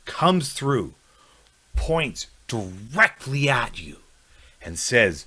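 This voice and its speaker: A man narrating a scripted essay in a measured, reflective way. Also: medium pitch, sing-song, sharp tone, breathy edge. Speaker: podcast host.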